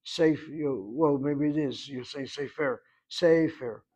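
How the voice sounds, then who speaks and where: A man's voice: mid-range voice, fairly even intonation, unhurried, darkish tone, rough recording. A man teaching a language class, patiently explaining at length and asking rhetorical questions. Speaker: Hebrew instructor.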